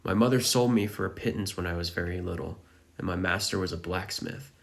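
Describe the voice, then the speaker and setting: A man voicing a calm, guarded boy who escaped slavery, in a manga recap. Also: deep voice, fairly quick, vocal fry. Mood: flat.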